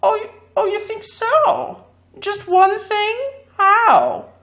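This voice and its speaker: A woman's voice: sits high, big pitch swings, slow, reverberant, voice pushed up, full character voice. A woman voicing a vain, cheeky talking glass cat in a storybook reading. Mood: saucy. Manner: cheeky and sassy.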